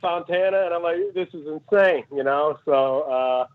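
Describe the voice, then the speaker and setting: A comedian from Cleveland tells a long story in a casual chat, laughing along and tripping over his own restarts. His voice sits a little on the high side. It comes through a narrow, phone-like line. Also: normal speed. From Cleveland, Ohio, USA. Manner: rambling anecdotes with frequent laughs and restarts. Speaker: comedian guest.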